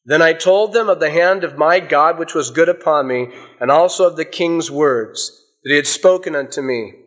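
High-voiced man preaching a sermon. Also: moderate pace, fairly bright tone. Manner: reads scripture aloud, then explains it with illustrations. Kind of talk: sermon with scripture reading.

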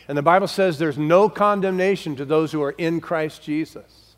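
Pastor preaching with a fairly high voice. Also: male voice. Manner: slows for emphasis, drops to a hush on key words; direct, talks to the congregation. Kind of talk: sermon.

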